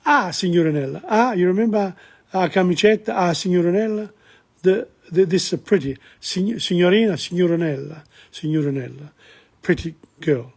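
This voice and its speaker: Give me a husky, higher-voiced man running an informal language lesson. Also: moderate pace, darkish tone. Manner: explains Neapolitan song lyrics line by line, with restarts and asides. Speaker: Italian language teacher.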